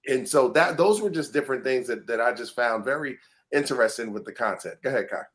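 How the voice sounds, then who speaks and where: A man co-hosting a podcast in casual discussion, animated and emphatic, often breaking into laughter. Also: mid-range voice, fast. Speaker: podcast co-host.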